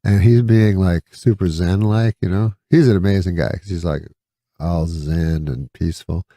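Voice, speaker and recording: Deep-voiced, gravelly man telling stories. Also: moderate pace, warm tone, dry recording, clean studio sound. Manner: rambling anecdotes with many fillers and acted-out quotes. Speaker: comedian guest. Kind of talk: casual talk-show storytelling.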